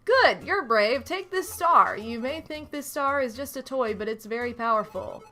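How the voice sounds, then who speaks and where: A woman's voice: a little high, animated, moderate pace, pushed and bright, soft background music. A woman reading aloud the lines of a kindly older male island chief from a retro video game, close to her own voice. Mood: earnest. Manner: reads game text aloud in near-plain voice.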